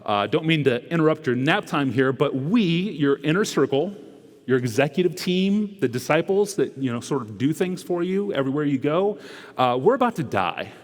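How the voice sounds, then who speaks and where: A man's voice: on the high side, animated, moderate pace, close to an everyday voice. A man voicing sheepish, mock-polite disciples who hesitantly interrupt someone's nap, recorded in an echoey hall.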